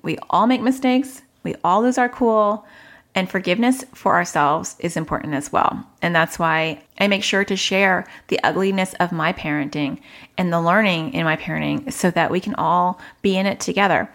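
A woman's voice: on the low side, normal speed, a bit bright. A woman in her thirties telling a frank, reflective story about her own parenting, often quoting what she said. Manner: frank, reflective, quotes herself in dialogue. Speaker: parenting podcaster. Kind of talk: candid personal storytelling.

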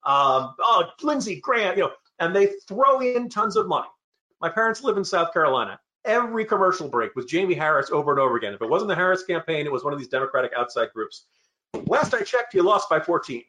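A middle-aged man weighs in as a panelist on a political discussion. His voice sits slightly high, and he drops in sardonic asides as he makes his points. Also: expressive, fast, pushed and bright.

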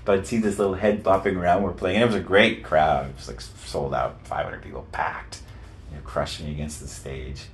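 Deep-voiced older rock singer telling stories. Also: male voice, brisk, slight background noise. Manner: animated, breaks into voices of people in his stories. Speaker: lead singer, interview guest. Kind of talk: casual storytelling.

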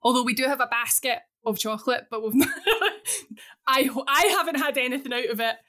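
A woman, co-hosting a casual podcast chat, chatty and quick to laugh. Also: sits high, sharp tone. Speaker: podcast co-host.

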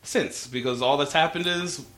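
A man's voice: a little high, normal speed. A man co-hosting a podcast, chatting casually and profanely as he recaps a TV episode. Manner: animated, profane, acts out characters. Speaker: podcast co-host.

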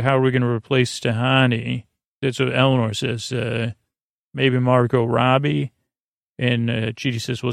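A man hosting a sleep podcast, giving a meandering, low-key, halting recap of a TV episode. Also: creaky, no room sound, clean studio sound. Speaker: podcast host. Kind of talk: rambling bedtime episode recap.

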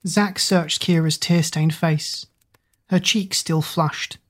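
A woman narrates a storybook at a measured, steady pace. Her voice is low and carries a husky grain. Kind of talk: audiobook narration.

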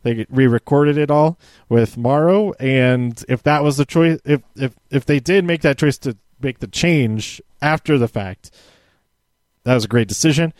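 A man's voice: medium pitch, measured pace, a little mellow, no echo. A man casually reviewing a wrestling episode from handwritten notes, rambling with many fillers and restarts.

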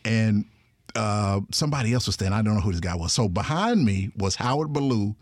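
Man, casual storyteller, very lively pitch, dry close sound, acts out quotes. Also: a little fast, no echo. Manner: animated, acts out quoted voices with big pitch jumps; laughs often while telling. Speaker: guest storyteller.

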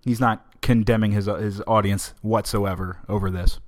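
Low-voiced man hosting a political podcast. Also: fairly even intonation, normal speed. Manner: opinionated, conversational, emphatic. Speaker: podcast host.

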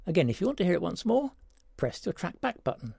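Male host of a word-puzzle segment, gravelly, lively, dry close sound. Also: high voice, fast, dry recording. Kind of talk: reading a word-puzzle story.

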